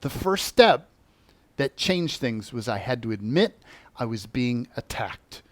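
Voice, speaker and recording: Taking his time in a mid-range voice, a spiritual teacher relates a personal story animatedly, performing the voices of those he quotes. There's no echo in the recording.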